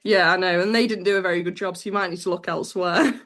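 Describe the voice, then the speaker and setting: A woman's voice: fairly low pitch, fairly even intonation, quick pace, fairly bright tone. A young woman, a podcast guest chatting in a giggly, blunt and down-to-earth way. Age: young adult. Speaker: guest, amateur golfer. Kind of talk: casual chat interview over a call.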